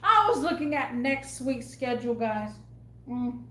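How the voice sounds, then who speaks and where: A young woman with a fairly high voice rambles through an exasperated rant. She vents casually to her viewers as a vlogger. Her voice bounces around an echoey room at home. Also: very animated, measured pace, fairly bright tone, slight background noise.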